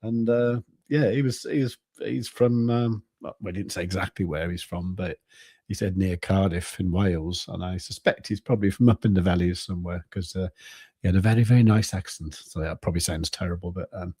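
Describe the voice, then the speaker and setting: Low-voiced man rambling casually. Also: warm tone, slightly rough, no room sound, studio quality. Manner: rambling, halting, with many restarts and fillers. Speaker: crypto trading channel host. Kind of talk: casual live-stream chat.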